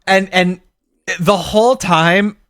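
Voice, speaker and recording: A man co-hosting a podcast in casual chat, animated and laughing, swearing freely and mimicking voices. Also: high-pitched, takes it slowly, smooth, no room sound, clean studio sound. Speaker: podcast co-host. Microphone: podcast mic.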